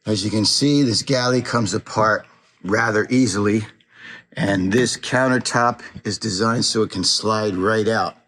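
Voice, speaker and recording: A man's voice: on the low side, fairly bright tone, no echo. A man giving a plainspoken, folksy walkthrough of a van build, demonstrating parts as he talks. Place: inside a van.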